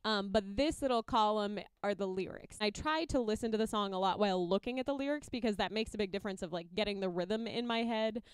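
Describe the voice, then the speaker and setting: A woman's voice: mid-range voice, quick pace, few pauses, clean tone, dry recording. A young woman casually explaining how she arranges songs for a looper, chatty and upbeat, sometimes singing or beatboxing short examples. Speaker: loop musician explaining her process. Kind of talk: casual tutorial talk.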